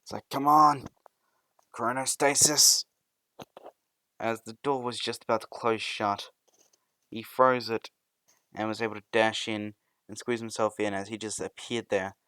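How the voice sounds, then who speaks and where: A man's voice: fairly low pitch, level tone, normal speed, a bit bright, smooth, dry recording. A young man narrating a fan story in a rambling, loosely improvised way, often restarting sentences.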